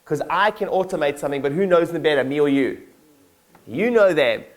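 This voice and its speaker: Brisk and animated, with a voice a little on the high side, a man rallies his staff in a motivational keynote in a conference hall. He speaks casually with lots of fillers, calling on listeners to answer back.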